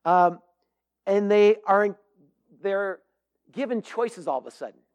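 Middle-aged male pastor with a high voice, earnest and emphatic sermon delivery. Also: measured pace, a little mellow, clear, resonant tone. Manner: earnest, emphatic, with frequent fillers and restarts.

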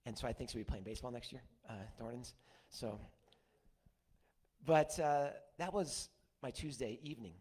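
A man's voice: mid-range voice, moderate pace, a little mellow, breathy edge. An older man preaching a conversational sermon, mixing scripture with folksy stories from his week. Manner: folksy storytelling with asides. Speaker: pastor.

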